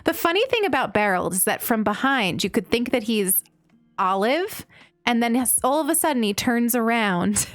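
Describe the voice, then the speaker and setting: A young woman with an American accent chats away as she streams, her fairly high voice leaping up and down as she giggles through stories. The sound is close and dry, with faint game music in the background. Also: normal speed, no room sound. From United States. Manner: chatty, giggly, animated storytelling. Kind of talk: casual chat while gaming, reading chat.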